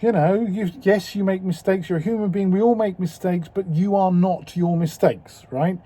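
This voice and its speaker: Husky fifty-something guy, dark voice, talks slow and frank into his video diary. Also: sits high. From England. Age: 50s. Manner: slow, reflective and candid, with strong swearing. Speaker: video diarist.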